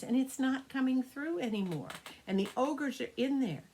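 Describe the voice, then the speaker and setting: An older woman, a grandmother, improvising a children's story, animated and sometimes dropping to hushed whispers. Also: sits high, moderate pace, few pauses, a little hiss or hum.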